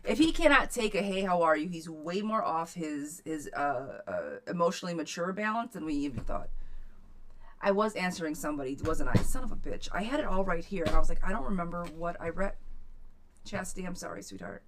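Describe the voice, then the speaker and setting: A woman's voice: on the low side, lively intonation, brisk, a bit bright. A woman giving a live-streamed tarot reading, brash and profane but affectionate. She calls viewers pet names and repeats phrases for emphasis. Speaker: tarot reader.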